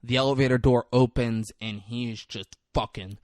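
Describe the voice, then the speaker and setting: A man on a podcast casually recapping a movie plot, jumping into loud, high voices when he quotes the characters. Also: normal speed, no echo, clean studio sound. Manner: animated retelling, acting out characters in quotes. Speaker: podcast co-host.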